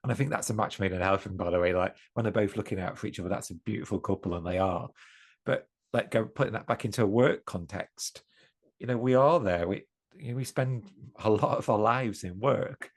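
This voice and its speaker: Fairly quick and on the low side, a man from the East Midlands chats casually as a podcast guest. He sounds sincere and reflective, with his sentences frequently restarted and self-corrected.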